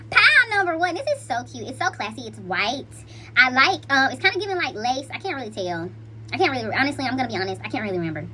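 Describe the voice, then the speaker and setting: A woman's voice: high-pitched, big pitch swings, fairly quick, noisy background. A woman hosting a casual tarot reading, talking in a playful, slangy and chatty way to her viewers. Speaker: intuitive card reader.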